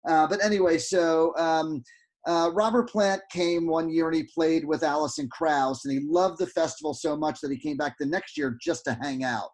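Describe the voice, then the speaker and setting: A man's voice: on the high side, normal speed. Man telling a story on a video call. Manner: animated, lots of restarts and fillers. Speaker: guest photographer.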